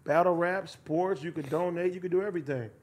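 A man's voice: high voice, fairly quick, crowd noise. A man chatting casually as a podcast guest, laid-back, often tagging lines with "you know what I'm saying". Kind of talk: casual chat.

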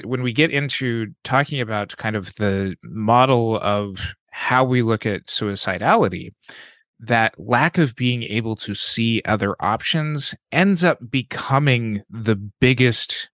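A man, a clinician, explaining risk factors in a measured, clinical way during a podcast conversation. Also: medium pitch, a bit bright, no room sound.

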